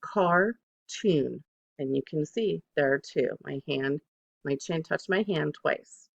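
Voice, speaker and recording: A second grade teacher records a phonics lesson for children, patient and deliberate, repeating every word twice as a model. Her voice is medium-pitched with vocal fry, and the audio is dull.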